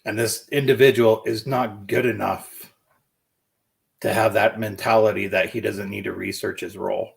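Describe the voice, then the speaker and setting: A man with a fairly low voice gives blunt, opinionated takes in an easygoing conversation. He talks as a co-host, settling into his points without hurry. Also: fairly even intonation, normal speed, gravelly. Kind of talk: casual chat.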